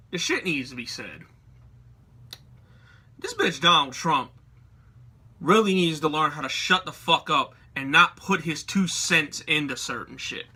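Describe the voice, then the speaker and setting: Brief: young adult man, hot-tempered profane vlog rant, tense sharp voice, sits a bit high. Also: husky. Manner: heated, swearing, slangy. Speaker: vlogger. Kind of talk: profane ranting commentary.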